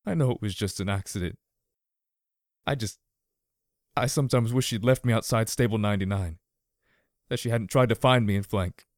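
A man's voice: on the low side, moderate pace, long pauses, darkish tone, no echo, clean studio sound, natural voice. A man voicing a normally stoic young male pony whose voice is now strained, trembling and brittle. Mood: trembling, raw. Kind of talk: audiobook character voice.

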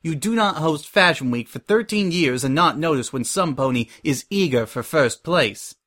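A man's voice: a little high, expressive, normal speed, a bit bright. A man voicing a professional female pony who runs a fashion show, formal and indifferent.

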